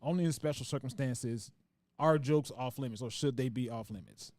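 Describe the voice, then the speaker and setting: A man's voice: mid-range voice, normal speed, darkish tone, no room sound. A man hosting a casual podcast discussion, rambling and restarting his sentences as he works through a point. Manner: reads out viewer comments.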